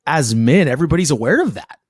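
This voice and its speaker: A man's voice: fairly high pitch, animated, fast talker, breathy edge, dry recording, studio quality. A young man hosting a podcast, talking in a casual, confessional way and swearing often. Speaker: podcast host.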